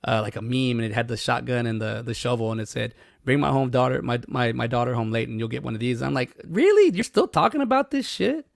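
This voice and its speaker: A man in his thirties, co-hosting a podcast in casual chat, telling stories quickly and swearing freely. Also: mid-range voice, little pitch movement, gravelly, no echo, studio quality. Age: 30s. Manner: fast, swearing, storytelling. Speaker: podcast co-host.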